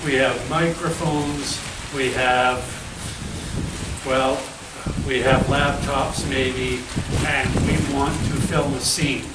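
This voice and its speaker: A man of middle pitch hosts a loose, rambling interview and keeps tacking "right?" onto his sentences. He sits away from the microphone in an echoey room with a steady hiss of noise behind him. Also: takes it slowly. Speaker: interviewer host. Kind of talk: casual interview. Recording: echoey room, far from the mic, noisy.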